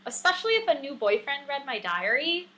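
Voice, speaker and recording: Woman co-host, high, bright voice that bounces around a lot; chatty, filler-heavy recap talk. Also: brisk, low-quality recording. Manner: chatty, animated, many fillers and laughs. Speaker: podcast co-host. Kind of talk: casual recap chat.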